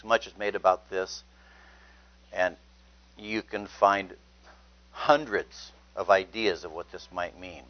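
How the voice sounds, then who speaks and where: A man's voice: sits low, fairly even intonation, slow pace, pauses often. A man preaching a sermon, reading scripture aloud and stressing words earnestly. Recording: dull lo-fi sound.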